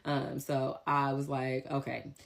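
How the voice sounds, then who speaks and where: Young woman, low voice, casual storyteller, blunt and animated. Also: brisk. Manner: animated, blunt, acts out dialogue.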